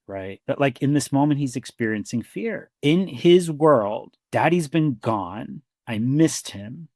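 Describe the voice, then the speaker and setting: A man's voice: mid-range voice, expressive, measured pace, hardly any pauses, a little mellow, dry recording, clean studio sound. A man who works as a therapist, co-hosting a conversational podcast in a reflective storytelling way, acting out quoted dialogue and often saying "you know" and "like.".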